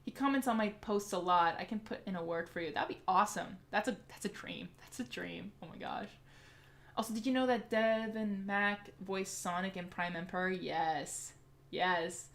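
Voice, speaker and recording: A woman's voice: medium pitch, moderate pace. A woman hosting a casual livestream Q&A, chatty and eager as she answers viewer comments aloud. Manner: eager and excitable. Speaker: livestream host.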